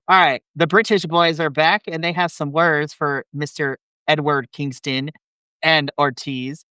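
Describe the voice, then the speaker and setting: Excitable man with a bright, smooth voice. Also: on the high side, a little slow, no echo, poor audio. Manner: excitable, playful, acts out quotes. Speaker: podcast co-host. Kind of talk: casual wrestling show breakdown.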